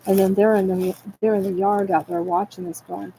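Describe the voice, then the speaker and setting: A woman with a gravelly, dark voice, tearful and agitated. She rambles in a distressed monologue, repeating herself and swearing, over a faint hiss. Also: medium pitch, little pitch movement, brisk, rough recording.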